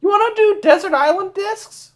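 A woman voicing an overly polite adventurer who makes chirpy small talk in a high, sing-song voice. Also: normal speed.

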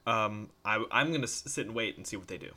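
A man's voice: on the low side, fast, bright, forceful tone, slightly rough. A man playing a character in a tabletop game, speaking playfully and swearing, with lots of stammering. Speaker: player. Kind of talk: in-character tabletop role-play.

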